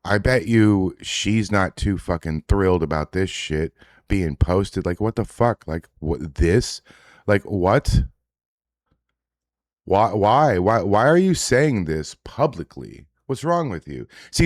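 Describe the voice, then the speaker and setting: Reacting to social media posts on his stream, a low-voiced male host rambles casually, swearing and tossing in indignant asides. The recording is dry with clean studio sound.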